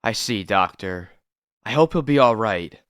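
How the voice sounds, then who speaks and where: Brief: earnest hero, read by a man, lively pitch, dry sound. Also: unhurried, clear, resonant tone, dry recording. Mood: concerned. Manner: earnest, protective. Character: earnest young male soldier hero.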